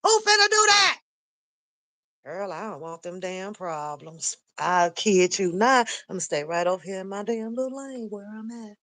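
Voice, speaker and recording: A woman's voice: medium pitch, very animated, moderate pace, pushed and bright, dry recording. An older woman hosting a casual live stream, ranting bluntly and profanely with lots of animation. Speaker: commentary channel host.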